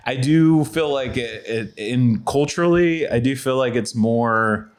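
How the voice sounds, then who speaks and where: A man's voice: mid-range voice, unhurried, smooth. A man co-hosting a podcast in casual chat, a comedian who rambles and restarts his sentences a lot. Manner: rambling, hesitant with many restarts.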